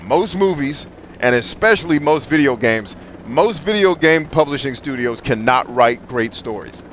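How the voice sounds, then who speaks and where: A man's voice: medium pitch, animated, moderate pace, fairly bright tone, slight background noise. Blunt, profane man ranting on stream. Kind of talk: live game stream commentary.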